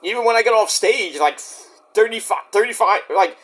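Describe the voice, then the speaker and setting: A man speaks straight to the camera in a rambling vlog rant, his voice sitting high for a man. He is indignant and defensive, repeats himself, restarts his sentences and swears freely at the people who doubt him. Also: expressive, moderate pace, a bit bright. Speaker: YouTube wrestling reviewer. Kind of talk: ranting vlog address to critics.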